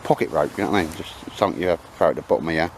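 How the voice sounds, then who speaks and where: Jokey low-voiced bloke. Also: male voice, racing, slight background noise. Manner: jokey, chatty, calls everyone mate. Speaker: vlog host. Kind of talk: casual banter. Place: outdoors in cold wet woods.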